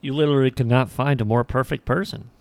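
A man's voice: mid-range voice, fast, creaky, no echo. A man co-hosting a casual movie review chat, reflective with dry reactions. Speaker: podcast co-host.

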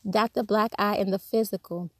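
A woman's voice: medium pitch, fairly even intonation, moderate pace, no echo. A woman giving a conversational devotional talk, telling personal stories candidly and acting out the voices of people she quotes. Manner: acts out quoted speech. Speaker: Christian speaker.

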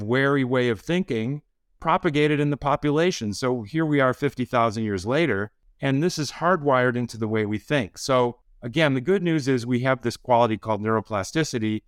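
A man, a physician guest on a podcast, explaining ideas in a calm, measured way. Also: mid-range voice, no echo, clean studio sound. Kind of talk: conversational interview.

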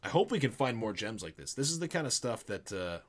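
Man, casual movie review chat, animated, laughing, mumbled trailing asides. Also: on the low side, fast talker. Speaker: podcast co-host.

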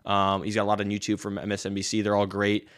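A man's voice: on the low side, completely flat delivery, quick pace, fairly bright tone. A man co-hosting a casual podcast, talking loosely, swearing and laughing easily. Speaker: podcast co-host. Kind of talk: casual chat and interviewing.

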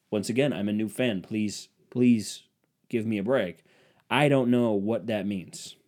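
Young male host, casual comedic rant, sarcastic, warm low-toned voice. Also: moderate pace. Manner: sarcastic, swings from loud bursts to muttered grumbling.

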